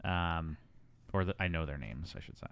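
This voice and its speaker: A man's voice: sits low, lively intonation, moderate pace, vocal fry, fairly bright tone, a little hiss or hum. A man hosting a casual movie podcast, chatty with frequent ums and asides. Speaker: podcast host.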